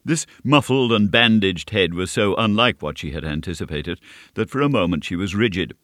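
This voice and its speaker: A man reading a classic novel aloud as scripted narration, in a measured, steady storytelling manner. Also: low-pitched, no echo, studio quality. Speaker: audiobook narrator.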